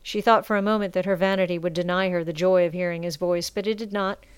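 Woman reading a story, smooth clear voice, dry close mic. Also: lowish voice, dry recording. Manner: measured, expressive storytelling. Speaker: audiobook narrator. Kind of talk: scripted narration.

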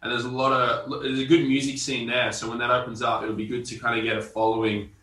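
An Australian man, a band member guest, talking in a relaxed way with lots of "like" fillers. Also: medium pitch, quick pace, echoey room, far from the mic, slight background noise, poor audio. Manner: relaxed, uses many fillers like "like". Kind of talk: casual interview chat.

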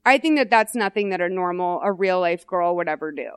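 A woman's voice: on the low side, expressive, a little fast, clean tone. A young woman co-hosting a podcast in casual chat, retelling a film scene and slipping into the characters' voices. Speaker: podcast co-host.

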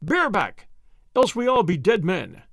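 A man's voice: a little high, wildly swooping pitch, moderate pace, gravelly, no echo, studio quality, exaggerated voice. A man voicing a blustering, angry sheriff who bellows commands in a storybook reading. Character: blustering angry middle-aged male sheriff.

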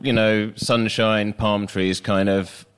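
A male podcast host, asking questions in a relaxed, laughing manner. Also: lowish voice, slow, clean tone. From England. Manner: easygoing, laughing often. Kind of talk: casual podcast interview.

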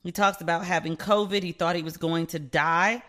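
Candid woman podcaster with a bright voice. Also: fairly low pitch, steady tone, moderate pace. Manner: candid and chatty, swears freely, acts out quoted exchanges. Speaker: podcast host and relationship expert. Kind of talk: solo gossip podcast chat.

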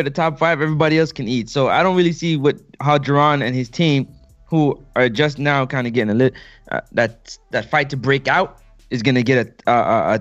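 Male co-host, confident and blunt, slightly dull audio. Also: medium pitch. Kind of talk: casual chat.

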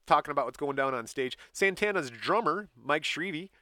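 A man casually telling a story on a podcast, acting out the people in it with sudden loud bursts. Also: fairly high pitch, fairly quick, dry recording. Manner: animated, acts out quotes in bursts. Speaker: podcast co-host.

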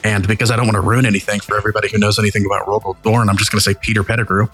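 A man's voice: lowish voice, level tone, very fast, a bit bright, husky, faint music behind. A man from Tennessee with a Southern accent, co-hosting a casual podcast and teasing his co-host. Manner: joking, teasing, profane. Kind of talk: casual chat.

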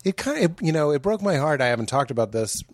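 A man's voice: a little high, very animated, fast talker, no room sound, studio quality. A man who is a comedian, talking as a podcast guest in an earnest, reflective way. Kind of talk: casual podcast chat.

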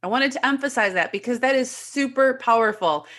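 A woman's voice: on the high side, fairly quick, a bit bright. Emphatic woman podcast host. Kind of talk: casual podcast chat.

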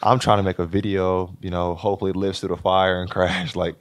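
A young man with a very low voice tells a story as a podcast guest. He is animated, laughs often and acts out the lines of others. The sound is dry and close to the mic. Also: normal speed, dry recording. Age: 20s. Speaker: guest, college basketball player. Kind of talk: casual storytelling interview.

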